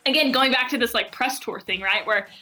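A woman's voice: fairly high pitch, fairly quick. A woman who runs a marketing agency, talking as a guest in an enthusiastic, conversational way and acting out other people's voices as she tells stories. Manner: animated, acts out quoted voices.

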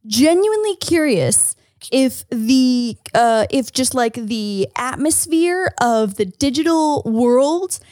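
A young woman tells stories in casual podcast chat, animated and full of fillers. Her voice sits a little high. It is recorded dry and close on a studio mic. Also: slow, dry recording. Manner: animated storyteller, many fillers. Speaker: podcast co-host.

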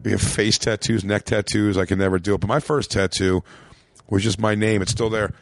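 A comedian from Philadelphia, USA, guests on a podcast and rambles through stories in loose, casual chat, leaning on "like" constantly. His low, gravelly voice is steady in tone and brisk, recorded dry and close with no room sound.

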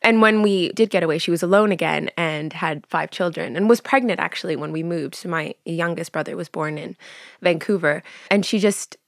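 A woman in her thirties from Canada chats as a guest, with a slightly gravelly, fry-touched voice. She tells stories with animation, acting out quotes and laughing often. The sound is close and dry. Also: on the low side, brisk, dry recording. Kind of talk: casual interview chat.

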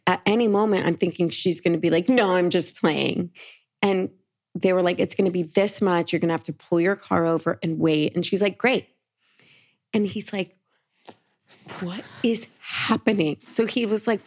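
A woman's voice: medium pitch, creaky. A woman co-hosting a podcast, telling a long story in casual chat and quoting everyone with "he's like" and "she's like". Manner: animated, quotes people with "he's like". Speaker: podcast co-host.

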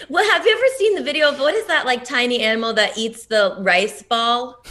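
A woman with a high, bright voice chats casually on a podcast. She rambles, giggles often and peppers her talk with "like.". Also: moderate pace. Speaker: podcast co-host. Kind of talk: casual chat.

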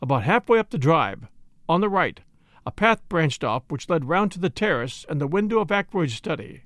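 A man reading a classic mystery novel aloud in measured, scripted narration. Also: a little high, sing-song, a bit bright, dry recording, studio quality. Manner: measured storytelling. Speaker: audiobook narrator.

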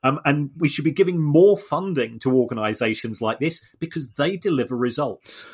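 A man's voice: fairly high pitch, normal speed, darkish tone, breathy edge. A man co-hosting a podcast, explaining things in a casual discussion with frequent restarts and repeated words. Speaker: podcast co-host.

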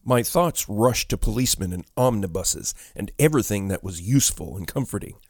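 Guy reading a ghost story, low voice, dry close sound, steady pace. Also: fairly quick, no room sound. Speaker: narrator. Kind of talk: scripted narration of a ghost story.

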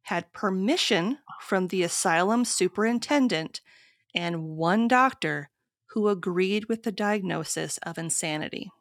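A woman co-hosting a podcast, reading out researched history to her co-hosts in a steady, measured way. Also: mid-range voice, no echo, studio quality. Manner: steady, measured storytelling with frequent short agreements. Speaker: podcast co-host.

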